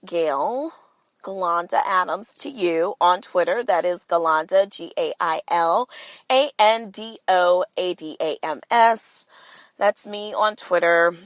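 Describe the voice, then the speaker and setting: A woman's voice: on the low side, unhurried, dry recording, poor audio. A woman hosting a casual solo podcast, talking straight to her listeners in a candid, sassy and profane way. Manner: playful, talks straight to listeners. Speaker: podcast host.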